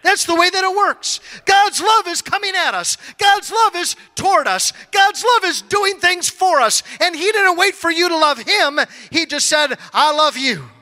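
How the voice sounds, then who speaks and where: A man preaching a sermon as pastor, emphatic, calling for amens and slowing down to stress key words. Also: very high-pitched, animated, bright, forceful tone, in a large hall.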